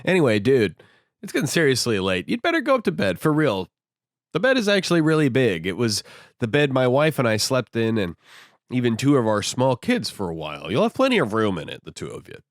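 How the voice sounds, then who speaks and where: A man's voice: mid-range voice, huge pitch swings, brisk, no room sound, clean studio sound. A man voicing a laid-back male innkeeper who drawls in a quirky, old-fashioned way.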